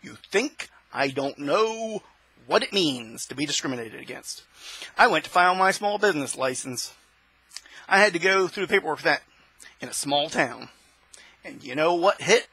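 A male host delivering an impassioned opinion monologue, preaching and rising to shouts. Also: on the high side, lively intonation, moderate pace, breathy edge, no room sound, low-quality recording.

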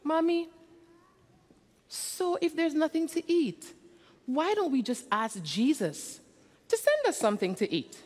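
Hungry little boy voiced by a woman, high and pleading, echoey church. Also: big pitch swings, measured pace, long pauses, a little mellow. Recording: reverberant church hall.

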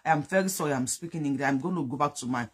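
Very raspy, fervent Yoruba-accented speaker. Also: mid-range voice, rapid-fire. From Nigeria. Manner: fervent, accusing, switches between English and Yoruba; repeats phrases for emphasis. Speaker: political commentator. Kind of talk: impassioned political commentary.

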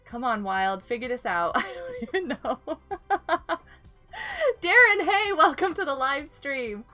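A woman's voice: sits high, very animated, measured pace, pushed and bright, faint music behind. A young woman live-streaming a game, chatting casually and giggling often as she greets viewers.

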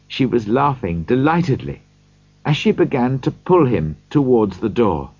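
A man narrating a classic story as an audiobook reader, slow and expressive, on a dull lo-fi recording. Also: medium pitch, husky, dry recording.

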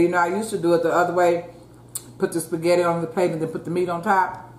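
Quick-paced and flat in delivery, her fairly low voice keeps up casual eating chat on a mukbang. The host talks with viewers in a folksy way and murmurs "mm" as she chews, recorded with roomy echo and faint ambience.

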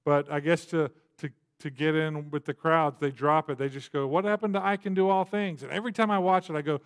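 A man's voice: a little high, steady tone, a little fast. A man delivering a sermon from the pulpit in a loose, talkative manner. He speaks in a slightly raised voice, drops in fillers and asides, and acts out little voices as he goes. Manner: conversational preaching with frequent fillers and asides. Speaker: pastor. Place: church.

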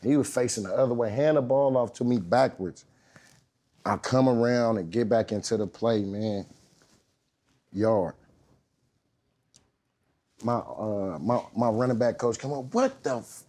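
A man in his thirties telling a story as a guest, relaxed and slangy, swearing freely and often asking "you know what I mean". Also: medium pitch, a little slow, pauses often. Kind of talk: casual storytelling.

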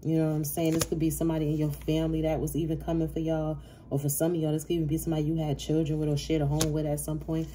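A woman's voice: low voice, monotone, rapid-fire, dark tone, slight background noise. Brash, profane woman tarot reader. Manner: brash, profane and emphatic, laughs often. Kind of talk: tarot reading.

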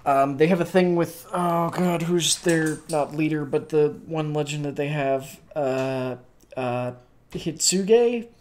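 A man's voice: fairly high pitch, slow. A man co-hosting a casual podcast, explaining fantasy game lore and correcting pronunciation with authority. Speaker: podcast co-host. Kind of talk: casual chat about tabletop game world-building.

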